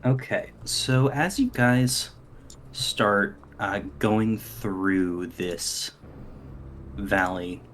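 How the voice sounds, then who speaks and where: A man narrating as dungeon master in an online tabletop game, easygoing and quick to laugh. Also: fairly low pitch, fairly bright tone, a little hiss or hum.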